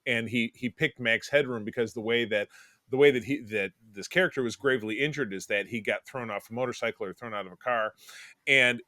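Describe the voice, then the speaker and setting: A man's voice: medium pitch, a little fast, bright, forceful tone, no echo, studio quality. A man in his forties co-hosting a podcast in casual chat, rambling and digressive with many restarts. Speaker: podcast co-host.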